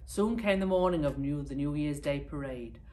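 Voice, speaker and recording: A woman teacher from the United Kingdom reading a picture book aloud to pupils with lively expression. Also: low-pitched, normal speed. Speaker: primary school teacher.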